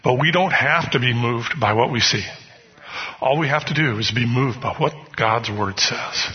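A man's voice: medium pitch, husky. A man preaching a sermon, telling personal stories in a conversational way. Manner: storytelling, conversational, often asks "you know what?". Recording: muffled hall recording with long reverb.

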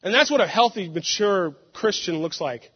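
A young man, a pastor, giving an animated sermon full of laughing stories and sudden loud outbursts. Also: high-pitched, moderate pace, husky. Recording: muffled sound with long hall reverb.

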